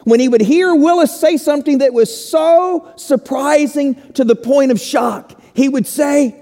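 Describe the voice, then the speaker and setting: A man preaching a sermon slowly and emphatically, with dramatic pauses. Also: very high-pitched, dark tone, in a large hall. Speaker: pastor.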